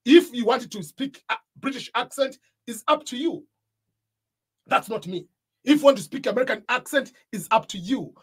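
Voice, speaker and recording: A man with an East African accent coaching would-be YouTubers, speaking straight to camera. His voice has a husky, slightly rough edge, and he drives each point home by repeating it. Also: very high-pitched, normal speed. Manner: emphatic, repeats key points. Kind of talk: motivational talk to camera.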